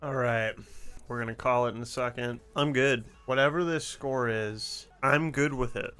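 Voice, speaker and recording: Young adult man, streamer, casual chat, swears a lot, excitable, mid pitch. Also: normal speed, clean tone, faint music behind. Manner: loose, swearing, excitable while gaming.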